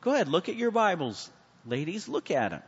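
A man with a fairly high voice, teaching a Bible class. He preaches in swings between hushed and loud and keeps asking the room for answers. His voice rings with a long reverb, and the sound is a bit muffled. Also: big pitch swings, fairly quick, breathy edge. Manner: asks the class questions and calls on people. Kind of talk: Bible study sermon.

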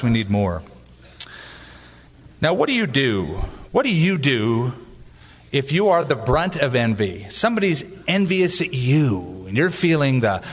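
A man preaching a sermon as a pastor, animated and joking, acting out little asides. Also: mid-range voice, in a large hall, a little hiss or hum.

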